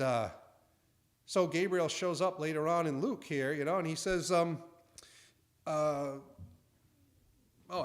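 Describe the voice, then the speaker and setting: A man preaching a conversational sermon in a folksy way, acting out the angel's and priest's lines. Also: fairly high pitch.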